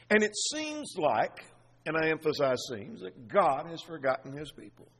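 A man delivers an earnest expository sermon in a church sanctuary, working through a text with a run of rhetorical questions. His voice sits fairly high and bright, with a slightly husky edge. The sound carries a long reverb from the big room. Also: very animated, normal speed. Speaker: preacher. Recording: long reverb of a large hall.

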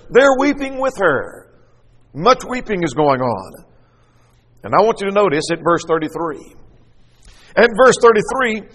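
A man preaching an expository sermon, slowing down to read scripture verses with emphasis. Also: sits high. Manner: animated, slow emphatic reading of verses. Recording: reverberant hall.

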